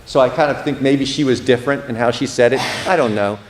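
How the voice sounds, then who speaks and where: Animated pastor giving a casual class lecture. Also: male voice, medium pitch, fast talker, noisy background. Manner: animated, acts out quoted speech with expression; casual, asides like "you know what I mean". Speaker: pastor teaching a Bible institute class.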